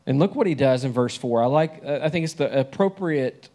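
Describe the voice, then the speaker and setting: A man's voice: medium pitch, lively intonation, moderate pace, warm tone. A young man preaching a sermon in a conversational way, often asking the listeners questions.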